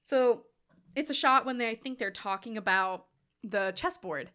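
A woman's voice: a little high, normal speed. A young adult woman co-hosting a podcast, chatting casually about a film, talkative and laughing often. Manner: chatty, animated, full of "like" and laughter. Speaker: podcast co-host. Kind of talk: casual film-review chat.

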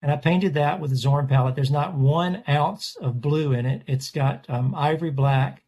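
A man's voice: a little high, normal speed, darkish tone. Rambling, talkative man telling stories. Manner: rambling, self-correcting storyteller. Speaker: portrait artist guest. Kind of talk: casual conversational interview.

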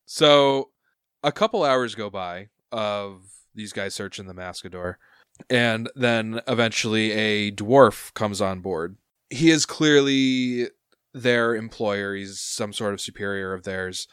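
A man's voice: lowish voice, slow pace, a bit bright, clear, resonant tone, no echo, studio quality. A man narrating a tabletop game as game master, rambling with lots of fillers.

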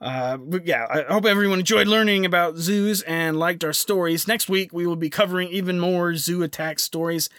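A man's voice: sits high, normal speed, hardly any pauses, fairly bright tone, no room sound, clean studio sound. A young man hosting a casual podcast, rambling with lots of fillers and restarts. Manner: rambling, filler-heavy, self-interrupting. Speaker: podcast host.

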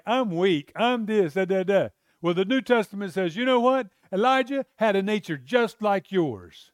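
A man's voice: sits high, clean tone, no room sound, studio quality. A man preaching a sermon with passion, often asking his listeners rhetorical questions.

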